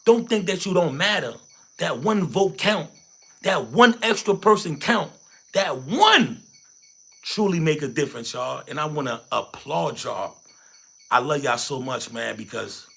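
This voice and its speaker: A man's voice: fairly high pitch, expressive, measured pace, creaky, fairly bright tone, husky. Fired-up man rallying his viewers. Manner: preachy, repeats phrases, rallies viewers. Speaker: livestream host. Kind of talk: hyped motivational livestream chat.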